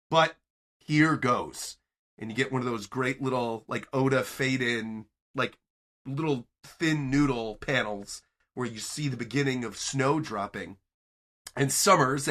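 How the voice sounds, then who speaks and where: A man's voice: mid-range voice, moderate pace. A man hosting a podcast, giving an enthusiastic chapter recap and acting out the characters' lines as he goes. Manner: animated, acts out character lines as he narrates. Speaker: podcast host.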